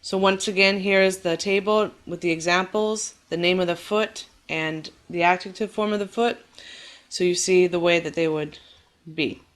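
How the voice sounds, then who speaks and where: A woman teacher giving a recorded lecture, explaining patiently and clearly and reassuring her students, exaggerating the stress on words when she demonstrates rhythm. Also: fairly low pitch, fairly even intonation, moderate pace.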